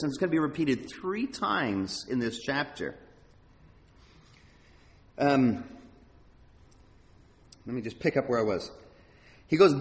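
A man preaching a sermon as pastor, emphatic and animated, with halting restarts. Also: a little high. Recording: long hall reverb.

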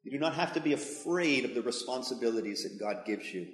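A man's voice: medium pitch, expressive, brisk. A man preaching a sermon as pastor, conversational and emphatic, speaking in a church hall. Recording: echoey hall with long reverb.

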